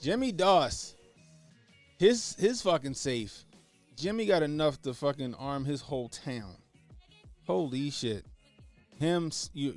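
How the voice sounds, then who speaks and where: A man hosting a casual livestream, talking animatedly with lots of swearing and laughter while answering his chat. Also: mid-range voice. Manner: animated, profane, laughing, reading chat aloud. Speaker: livestream host.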